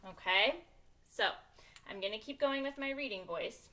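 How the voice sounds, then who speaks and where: Bright, upbeat woman teacher walking young kids through a reading lesson. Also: on the high side, animated, moderate pace. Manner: upbeat teacherly, talks to herself while writing.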